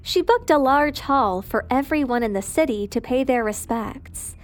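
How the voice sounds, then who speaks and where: A woman narrating a dramatic family story in a scripted, even storytelling delivery. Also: high voice, normal speed, slight background noise.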